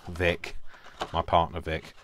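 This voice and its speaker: A man's voice: deep voice, completely flat delivery, slow pace, fairly bright tone, slight background noise. A man with a Yorkshire accent chatting casually as he walks through a craft project, talking to himself and poking fun at his own work. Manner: chatty, self-deprecating, talks to himself while working. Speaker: craft video host.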